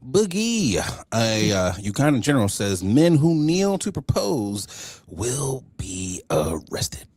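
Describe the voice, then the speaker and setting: A man's voice: medium pitch, sing-song, takes it slowly, darkish tone, soft background music. A man co-hosting a casual podcast, joking and laughing often as he talks. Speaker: podcast co-host.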